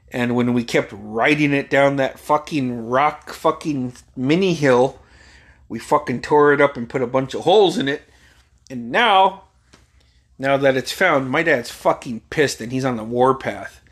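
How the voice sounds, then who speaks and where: Man in his forties, from Alaska, casual rambling storytelling, heavy swearing, frequent chuckles, mid-pitched voice. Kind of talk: casual anecdote telling.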